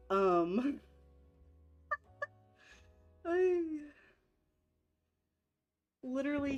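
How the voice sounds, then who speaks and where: A woman's voice: mid-range voice, a little mellow. A woman hosting a casual live stream, chatting to her viewers and laughing often. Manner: giggly, breaks into laughter often; chatty, talks straight to viewers. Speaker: live-stream host painting nails.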